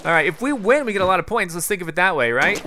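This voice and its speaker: A young man giving casual live commentary on his own gameplay, excitable and quick to break into loud frustration. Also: high voice, noisy background. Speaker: gaming YouTuber.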